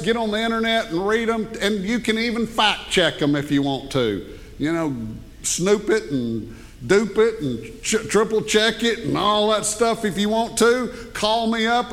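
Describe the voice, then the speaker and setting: An older man preaching a sermon as pastor, folksy and animated, joking with the congregation. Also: high-pitched. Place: church sanctuary. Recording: long hall reverb.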